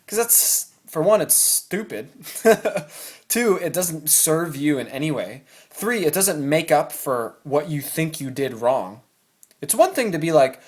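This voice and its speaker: A man's voice: a little high, normal speed. A man talking casually and animatedly to camera about choosing your thoughts, at home. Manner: animated, acts out anxious inner thoughts. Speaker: self-help vlogger. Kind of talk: casual motivational talk to camera. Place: room at home.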